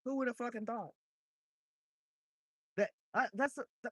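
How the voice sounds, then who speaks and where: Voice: mid-range voice, a little slow, pauses often, a bit bright, breathy edge, dry recording. A fishing vlogger chatting casually and with a lot of swearing, talking to viewers and to the fish while out by the water at night. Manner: loose, profane, talks to chat and to the fish. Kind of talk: casual live-stream chat while fishing.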